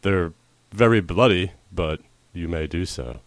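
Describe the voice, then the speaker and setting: A man running a tabletop game as dungeon master, chatty and quick with asides, often laughing. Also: low voice, lively intonation, no echo. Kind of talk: narrating a tabletop game on a livestream.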